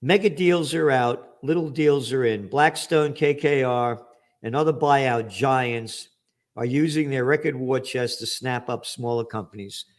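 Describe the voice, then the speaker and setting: An older man hosting a news commentary, ranting angrily and profanely, with sarcastic emphasis as he reads out headlines. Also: mid-range voice.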